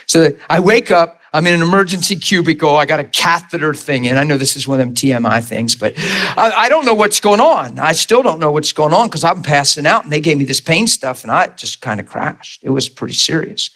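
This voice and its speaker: Male preacher, 30s–40s, lively testimony delivery with wide pitch swings and frequent laughs. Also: a little fast, few pauses. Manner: animated, laughs often, acts out scenes. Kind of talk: sermon testimony storytelling.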